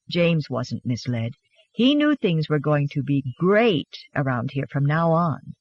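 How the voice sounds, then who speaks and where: An audiobook narrator reading a romance novel in an expressive, gently animated storytelling manner. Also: medium pitch, a little slow, no room sound, muffled recording.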